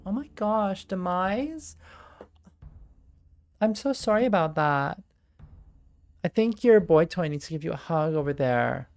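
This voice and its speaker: A man's voice: high-pitched, expressive, a little slow, long pauses, a little mellow, soft background music. A man running a live tabletop game as game master, talking in a put-on Valley Girl voice, bubbly and sarcastic with casual swearing.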